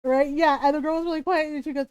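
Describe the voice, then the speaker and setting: A woman streaming a game from home, chatting casually in an animated storytelling manner and swearing freely. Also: high voice, quick pace, no room sound, highs cut off. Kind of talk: casual chat while gaming.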